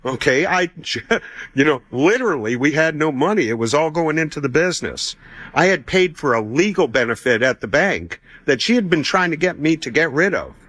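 A man's voice: a little high, big pitch swings, normal speed, fairly bright tone, husky, no room sound. Middle-aged man, personal testimony, easygoing storyteller who chuckles and quotes people, dead-dry recording. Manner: conversational, acts out dialogue, chuckles often.

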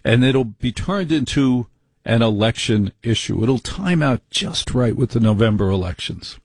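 Brash, husky-voiced man ranting. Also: mid-range voice, lively intonation, a little slow, dry recording. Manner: brash, rambling, mock-exasperated. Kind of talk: opinionated monologue.

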